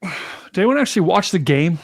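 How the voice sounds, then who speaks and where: An excitable man hosts a live weather stream, talking straight to his chat as he walks through radar scans. His voice sits a little higher than most men's, and his delivery is casual and chatty. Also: fast talker. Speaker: livestream weather host. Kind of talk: live storm-tracking stream commentary.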